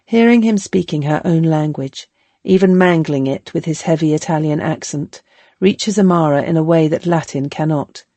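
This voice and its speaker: Calm woman narrating an audiobook. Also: deep voice, no room sound. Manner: calm, measured storytelling.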